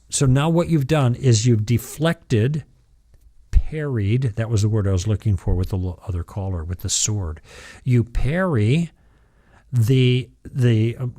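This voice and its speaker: A male radio talk show host in a call-in conversation. His voice is dark and mellow, and he guides the caller one step at a time. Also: mid-range voice.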